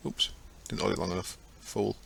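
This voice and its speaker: A man with a medium-pitched, slightly bright voice talks a little fast while playing. As a gaming channel host, his commentary is chatty and meandering, with frequent self-corrections.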